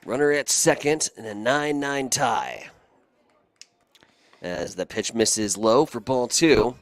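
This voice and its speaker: A man calling baseball play-by-play in a relaxed, chatty way, trading remarks with his partner. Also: medium pitch, takes it slowly, no room sound. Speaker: play-by-play announcer.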